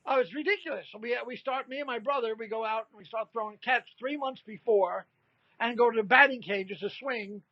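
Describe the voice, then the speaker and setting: Animated older man telling comic stories. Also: very high-pitched, a little fast, no echo, dull audio. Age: 60s. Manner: animated anecdote-telling, acts out quoted voices. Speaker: comedian guest. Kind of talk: storytelling in a casual interview.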